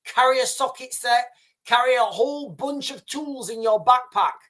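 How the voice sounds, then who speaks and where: A man's voice: extremely high pitch, normal speed, a bit bright. A man hosting a livestream, giving blunt, emphatic advice to his viewers, repeating his points with many restarts. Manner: frequent restarts and fillers. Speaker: livestream host.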